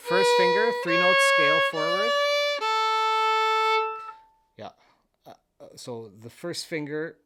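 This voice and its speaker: A man's voice: a little high, expressive, slow, long pauses, loud music behind the voice. A man giving a patient fiddle lesson, explaining scales and counting the beats aloud. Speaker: fiddle teacher. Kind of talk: step-by-step instrument lesson. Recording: with fiddle playing in between.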